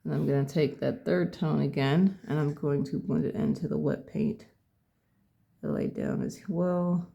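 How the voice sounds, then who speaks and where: Mellow, gravelly painting tutor. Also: mid-range voice, moderate pace, muffled recording. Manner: calm, thinks aloud, corrects own words mid-phrase. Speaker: painting instructor. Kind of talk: casual step-by-step painting tutorial.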